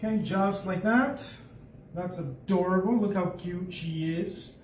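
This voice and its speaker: Man, high voice, casual live painting instructor who muses as he works; echoey room, faint background noise. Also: measured pace, a little mellow, distant mic. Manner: chatty, thinks aloud while painting. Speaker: art instructor.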